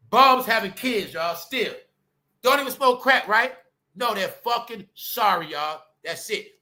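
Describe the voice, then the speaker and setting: A man, ranting bluntly on his commentary channel, jumping from loud outbursts to low mutters. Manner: loud, blunt and swinging between shouting and muttering.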